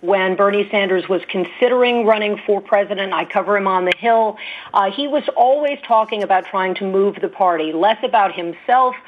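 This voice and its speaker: A woman's voice: mid-range voice, moderate pace, slight background noise. Woman political correspondent, assured, tinny phone-like sound. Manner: assured, informative. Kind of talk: news analysis.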